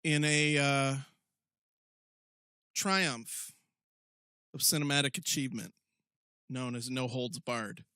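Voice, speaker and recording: A man's voice: medium pitch, fairly even intonation, takes it slowly, pauses often, sharp tone, smooth, no echo, clean studio sound. A man co-hosting a casual wrestling podcast, joking and laughing often. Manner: joking, playful, prone to laughing. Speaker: podcast co-host.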